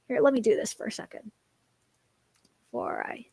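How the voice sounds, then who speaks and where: High-voiced woman cooing at her cat. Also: moderate pace, mellow, no echo. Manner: coos in baby talk at her cat; rambling, with many fillers. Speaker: streamer. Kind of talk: casual live-stream chat.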